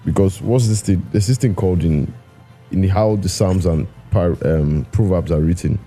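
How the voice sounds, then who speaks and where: A man in a casual Bible discussion who reads verses slowly and often repeats his partner's words, hesitating as he searches for his point. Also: sits low, mellow, husky, soft background music. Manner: hesitant, echoes the other speaker's words. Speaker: Bible study co-host.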